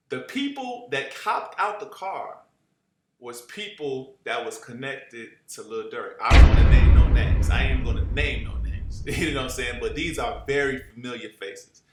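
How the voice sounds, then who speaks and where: A young man telling a casual, profane story and acting out the people he quotes. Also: medium pitch. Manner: animated, acts out quoted voices, profane street slang. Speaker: storyteller guest. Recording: roomy echo.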